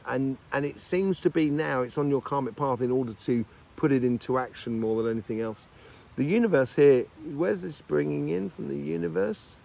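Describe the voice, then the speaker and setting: Guy doing a chatty tarot reading, pretty gravelly voice, keeps cheering you on, lots of ums. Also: mid-range voice, darkish tone. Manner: upbeat and encouraging, rambling with many fillers. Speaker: tarot reader. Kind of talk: casual weekly tarot reading.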